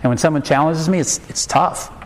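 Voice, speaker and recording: A man's voice: on the high side, fairly quick, low-quality recording. Storytelling pastor man in his forties. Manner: storytelling with humor, acts out quoted voices; emphatic rhetorical questions. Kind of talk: sermon.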